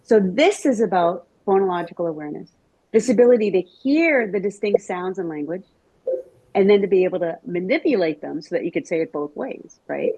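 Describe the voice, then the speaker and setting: A middle-aged woman giving a lively conference talk to educators, chatting with the audience and asking them questions. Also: lowish voice, brisk, husky, no room sound, low-quality recording. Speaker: Montessori teacher trainer giving a talk.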